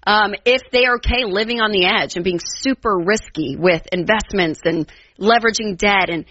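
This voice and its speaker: A woman's voice: medium pitch, normal speed, a bit bright, slightly rough, no echo. A woman co-hosting a call-in advice radio show, chatty and rambling, with lots of fillers. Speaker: radio co-host. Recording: dull lo-fi radio broadcast sound.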